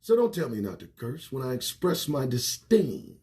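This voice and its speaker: A man hosting his own livestream show, ranting to camera with lots of swearing, jumping between loud outbursts and muttered asides, recorded indoors on a small home set. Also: mid-range voice, big pitch swings, normal speed. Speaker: host. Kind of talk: profane political rant to camera. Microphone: phone or webcam livestream.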